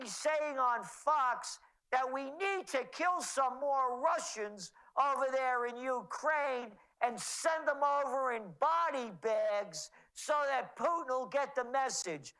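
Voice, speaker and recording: A woman's voice: high-pitched, big pitch swings, takes it slowly, fairly bright tone, poor audio. A woman commentator in heated political chat, sarcastic and mocking as she talks.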